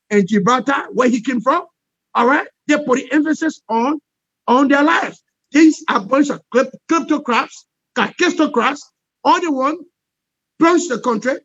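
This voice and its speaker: Fiery high-pitched man. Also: no room sound, highs cut off. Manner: forceful, repetitive, rhetorical, punctuated with "all right?". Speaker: interview guest, activist. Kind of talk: impassioned political interview.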